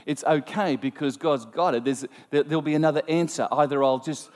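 A man preaching a sermon, telling a personal story in an animated, self-mocking way. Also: on the high side, brisk. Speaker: pastor. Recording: long hall reverb.

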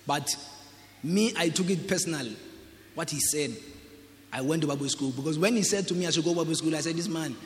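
A man's voice: fairly high pitch, a little fast. A visiting pastor from Ghana, a man, speaking hesitantly with fillers and laughs as he addresses a church. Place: church hall. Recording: roomy church hall, crowd murmur.

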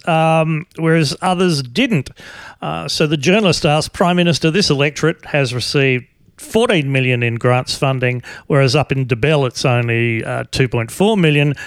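A man's voice: fairly high pitch, no room sound. Dry-voiced sardonic man. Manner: sardonic, rambling with many fillers. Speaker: podcast host. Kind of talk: casual commentary.

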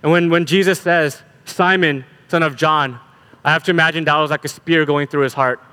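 A man preaching a sermon, animated and building emphasis by repeating words. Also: a little high, normal speed, in a large hall.

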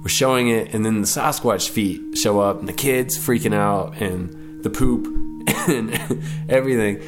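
A young man in his late twenties tells a personal story in a deep, low voice. He talks in a laid-back, rambling way, pausing and correcting himself mid-sentence. Faint music sits under him. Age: 20s. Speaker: storyteller guest.

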